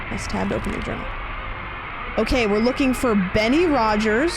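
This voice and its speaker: A woman streamer talks through a game live, chatty and reacting fast as she thinks aloud. Her voice sits at a middling pitch, with game music clearly playing behind her. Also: animated. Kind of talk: live gameplay commentary.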